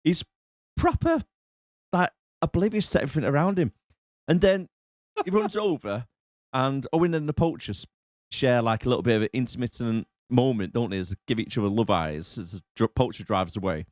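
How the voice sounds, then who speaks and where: A man's voice: medium pitch, brisk, no room sound, studio quality. A young man co-hosting a casual movie review podcast, recapping the plot and laughing often. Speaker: podcast co-host.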